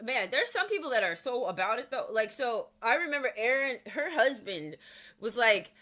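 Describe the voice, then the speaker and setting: A woman's voice: fairly high pitch, very animated, normal speed, pushed and bright. A woman co-hosting a comedy podcast in casual chat, blunt and laughing a lot, swearing freely. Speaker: podcast co-host.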